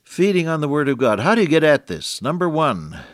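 An older man giving a folksy, earnest radio sermon, reading scripture slowly and solemnly. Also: on the high side, sing-song, no echo, studio quality. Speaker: radio preacher.

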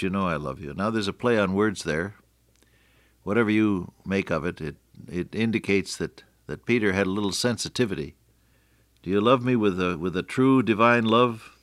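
An older man preaching a radio sermon, earnest, often slowing and dropping to a near-whisper for emphasis. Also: low-pitched, a bit bright, no room sound, clean studio sound.

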